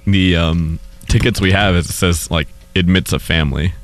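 Giggly young man, low voice. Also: steady tone, moderate pace. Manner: giggly, playful. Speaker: podcast co-host. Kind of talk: casual chat.

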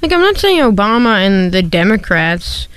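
Sarcastic, emphatic woman co-host in a casual political debate; smooth, clear tone. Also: medium pitch, big pitch swings, moderate pace, no room sound. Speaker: radio show co-host.

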